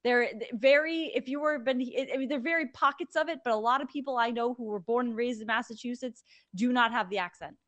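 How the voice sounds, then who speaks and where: A young woman from Connecticut with no regional accent, co-hosting a casual sports betting chat in an animated, opinionated way. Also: on the high side, fairly quick. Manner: animated, opinionated, chatty with fillers. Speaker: sports betting podcast co-host.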